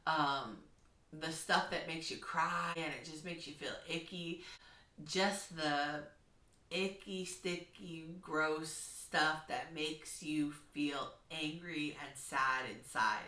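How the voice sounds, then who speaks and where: A woman's voice: low voice, takes it slowly, roomy sound, far from the mic. A woman who teaches kindergarten, speaking earnestly and encouragingly in a heartfelt vlog. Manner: earnest, encouraging, gently instructive. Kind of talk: heartfelt talking-to-camera vlog.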